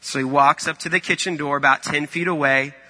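A man's voice: fairly high pitch, fairly even intonation, a little fast, sharp tone, long reverb tail. A man preaching a sermon in a conversational, storytelling way. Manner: conversational, storytelling with acted-out quotes.

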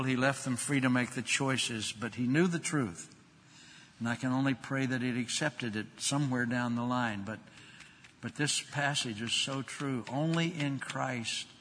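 An older man preaching a sermon, emphatic, rising loud and dropping soft. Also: medium pitch, a little hiss or hum. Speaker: pastor. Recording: long hall reverb.

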